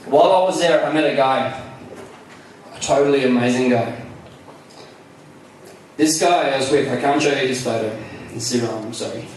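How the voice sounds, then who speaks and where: A man's voice: mid-range voice, a little mellow, a little hiss or hum. An Australian man giving a chatty, enthusiastic live talk at a conference, joking about himself as he goes. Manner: chatty, self-deprecating, enthusiastic. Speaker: speaker. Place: large hall. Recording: echoey hall, mic from far off.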